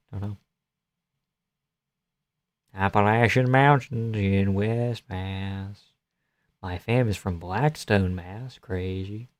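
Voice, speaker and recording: A young man from the Boston area talks loosely on his live stream, answering comments with crude, joking asides and frequent swearing. His voice sits at an ordinary middle pitch. The sound is dry, with no room echo. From Boston area, USA. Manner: joking, profane, laughs often. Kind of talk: casual live-stream chat, reading comments aloud.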